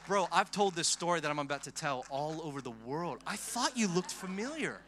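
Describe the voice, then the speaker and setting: A man preaching a storytelling sermon to a live congregation, animated and excitable, with chatty asides. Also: fairly high pitch, a little fast, faint music behind. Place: live event before a congregation.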